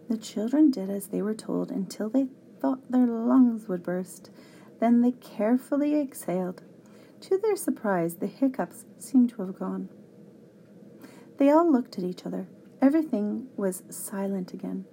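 A woman narrating a children's storybook aloud with an expressive read-aloud delivery. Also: medium pitch, measured pace, vocal fry, a little hiss or hum.

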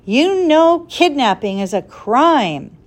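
A woman's voice: on the high side, very animated, a little slow, a little mellow, pitched above the performer's own voice. A woman voicing a bold, determined boy who argues insistently. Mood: urgent. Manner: insistent, pleading.

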